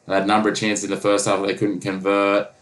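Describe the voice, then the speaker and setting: A man's voice: on the low side, monotone, fast talker, fairly bright tone, poor audio. A man co-hosting a casual sports podcast, rambling with lots of fillers. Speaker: podcast co-host.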